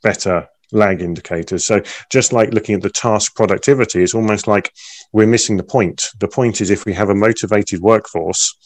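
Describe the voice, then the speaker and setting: A man's voice: lowish voice, fairly quick, no room sound. Stumbling male interviewer, dry sound. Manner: stumbling, repeats words. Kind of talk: conversational interview.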